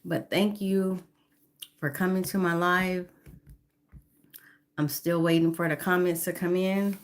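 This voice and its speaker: A woman's voice: on the low side, fairly even intonation, unhurried. A woman in her fifties chatting on a phone live stream, greeting viewers by name and apologizing now and then. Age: 50s. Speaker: livestreamer.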